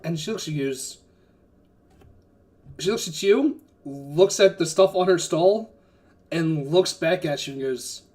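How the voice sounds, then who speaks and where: A man's voice: fairly high pitch, unhurried, pauses often, a little mellow. A man running a tabletop game as game master, narrating casually with lots of fillers and swearing. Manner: rambling, filler-heavy, casual cursing.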